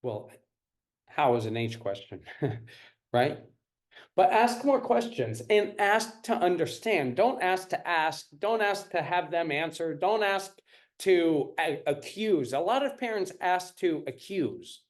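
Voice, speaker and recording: A male parenting coach leads a live class in a fairly high voice that swings widely in pitch. He talks slowly and deliberately, repeating key points and checking in with his listeners. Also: expressive.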